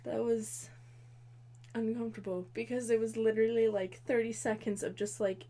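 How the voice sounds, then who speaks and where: A young woman in her twenties tells a movie plot as a rambling, tipsy comedy bit. Her voice sits a little high, and she swears freely as she keeps stopping to complain in mock outrage. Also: fairly even intonation, moderate pace, warm tone. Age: 20s. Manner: rambling, profane, exasperated storytelling. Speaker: comedy video host.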